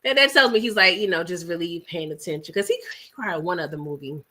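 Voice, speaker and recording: Bright-voiced chatty woman livestreaming. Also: lowish voice, fast. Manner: chatty, animated, uses "child" and "y'all". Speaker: livestream host. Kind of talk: casual chat with live viewers.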